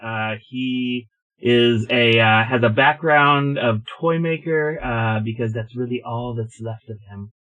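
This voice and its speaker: A man's voice: medium pitch, a little slow, fairly bright tone, lo-fi sound. A man playing in a tabletop game, joking around and swearing playfully. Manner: playful, profane. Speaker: player. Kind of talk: casual tabletop podcast chat.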